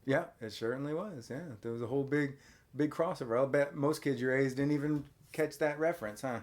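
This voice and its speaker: A man hosting a casual podcast, animatedly retelling a film scene by scene and briefly acting out characters' lines in quick voices. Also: mid-range voice. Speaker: podcast host. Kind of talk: casual movie recap chat.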